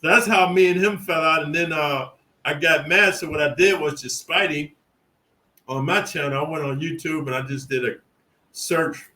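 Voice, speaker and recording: A man's voice: on the high side, bright, forceful tone, low-quality recording. A middle-aged man from California telling prison stories in a boastful, rambling, streetwise monologue. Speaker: prison storyteller. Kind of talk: casual profane monologue.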